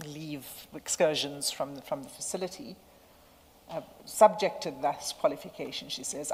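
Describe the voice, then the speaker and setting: Low-voiced woman counsel. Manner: measured, citing page and paragraph numbers. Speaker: legal counsel. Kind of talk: formal legal submission at a hearing. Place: large hearing room. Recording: echoey hearing room with faint hum.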